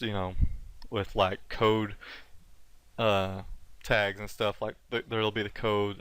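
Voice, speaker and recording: A man's voice: lowish voice, a bit bright, no room sound. Casual man talking through code. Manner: casual, halting, many fillers and self-corrections. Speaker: tutorial instructor. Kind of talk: unscripted screen-recorded coding tutorial.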